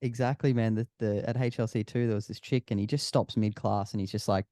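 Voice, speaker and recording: A man's voice: lowish voice, fairly even intonation, brisk, dark tone, dry recording, clean studio sound. A man co-hosting a podcast in casual chat, enthusiastic and swearing freely.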